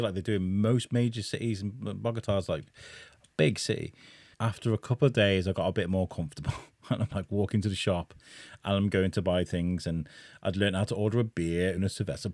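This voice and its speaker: Man, podcast guest, storytelling, laughs through it, lowish voice, dry close sound. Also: dry recording. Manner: animated, laughing while telling a story.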